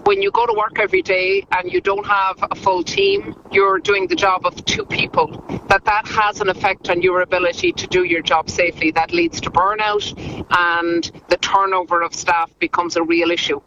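A man's voice: sits high, moderate pace. A male union leader explaining staff pressures in an earnest news clip. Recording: lo-fi clip with loud background noise.

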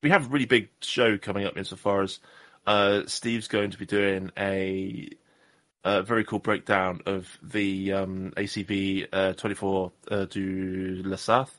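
A man's voice: low voice, level tone, a little slow, fairly bright tone. A man co-hosting a casual podcast, jokey and rambling, often stopping to correct himself. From Southwest England. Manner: jokey, rambling, self-deprecating. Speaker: podcast co-host. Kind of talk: casual chat.

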